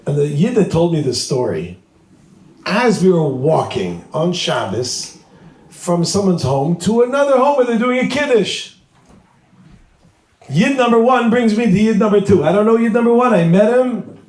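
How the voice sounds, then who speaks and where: A male rabbi telling a humorous story to a live audience, acting out the dialogue with lively energy. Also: sits high, moderate pace, long pauses. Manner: animated, humorous, acts out dialogue. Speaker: rabbi, speaker. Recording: echoey room.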